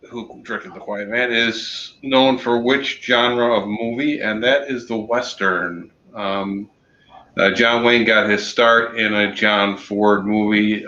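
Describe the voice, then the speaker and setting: A man co-hosting a casual chat show, slowly reading out trivia answers with many ums and the odd corny joke. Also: on the low side, sharp tone. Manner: slow, halting, many ums and uhs; corny jokes. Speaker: podcast co-host running trivia. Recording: roomy, dull lo-fi sound.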